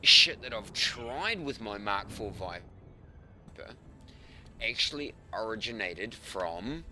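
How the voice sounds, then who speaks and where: A man's voice: mid-range voice, sharp tone. A man chatting casually on a gaming stream, boastful and profane, with frequent ums. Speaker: gamer on a voice chat stream. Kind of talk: casual chat about a space game.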